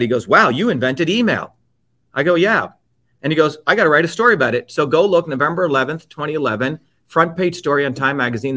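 Sitting on the high side and a bit bright, this Indian man in his fifties recounts his life as an interview guest. It's impassioned personal storytelling, blunt, emphatic and profane.

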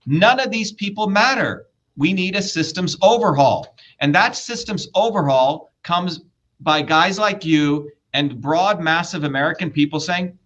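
A man's voice: on the high side, a little slow, fairly bright tone. A man running for office, arguing bluntly and lecturing with profanity in a heated political debate. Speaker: political candidate.

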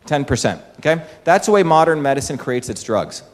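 A man's voice: on the high side, very animated, a little fast. A man from India, giving a public talk and explaining with rhetorical questions to the audience. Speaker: speaker addressing an audience. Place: large hall with an audience. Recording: echoey hall.

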